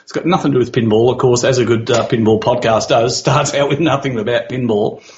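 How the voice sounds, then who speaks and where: A man's voice: mid-range voice, a little fast, darkish tone, lo-fi sound, a little hiss or hum. An Australian man, a podcast guest, chatting in a cheeky, teasing way and laughing often. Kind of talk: casual podcast chat.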